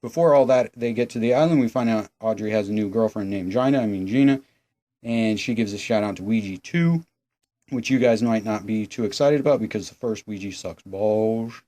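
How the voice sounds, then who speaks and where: A man's voice: on the low side, fairly quick, mellow. A young man hosting a casual, sarcastic, profane episode recap. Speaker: host.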